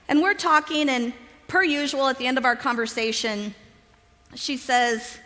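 A woman in her fifties giving a personal testimony at a conference, telling her story lively and acting out the dialogue. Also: high voice, unhurried, long pauses, in a large hall. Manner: lively storyteller who acts out quoted dialogue, often laughing. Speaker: conference speaker.

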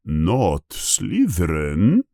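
Magic hat gives slow deep husky musings, as a man puts it on, old and wise, storybook voice, drawn-out words. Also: wildly swooping pitch, warm tone, dry recording, studio quality, heavily acted. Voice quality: low husky murmur. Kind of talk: storybook reading.

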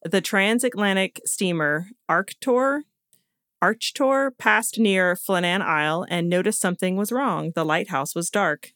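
A woman's voice: on the low side, a little slow, fairly bright tone, no room sound, clean studio sound. A woman co-hosting a podcast, casually retelling a story, often laughing and stumbling over names. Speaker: podcast co-host telling the story. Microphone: podcast studio mic.

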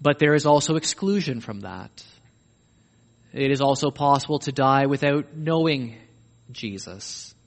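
A man's voice: mid-range voice, expressive, measured pace. A man preaching a sermon, emphatic and pressing questions on his listeners. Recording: echoey hall with long reverb.

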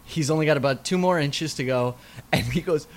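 A man's voice: on the high side, fairly quick. A young man telling a rambling anecdote in a casual chat, laughing often and restarting lines.

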